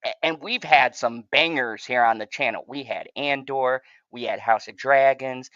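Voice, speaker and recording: A man's voice: medium pitch, normal speed, a bit bright, no room sound. A man co-hosting a casual review chat, rambling, swearing freely and laughing a lot. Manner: profane, rambling, laughs often. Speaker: podcast co-host reviewing shows. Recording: dry, dull lo-fi sound.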